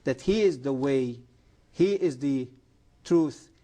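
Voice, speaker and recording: A man's voice: medium pitch, expressive, warm tone. Earnest man preaching. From Egypt. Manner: earnest, emphatic, halting non-native grammar. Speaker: guest. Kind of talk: testimony and preaching on a TV interview.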